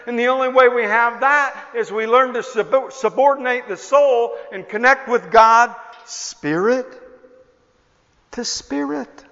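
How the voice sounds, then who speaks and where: An older man preaching a sermon, telling a story with passion and building to near-shouts. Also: extremely high pitch. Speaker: pastor. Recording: echoey hall, dull lo-fi sound.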